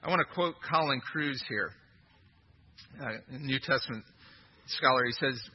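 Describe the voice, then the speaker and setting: A man's voice: mid-range voice, a little slow, long pauses, breathy edge, dull audio. A man preaching a sermon as pastor, emphatic, often asking his listeners questions. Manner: emphatic, asks the congregation questions.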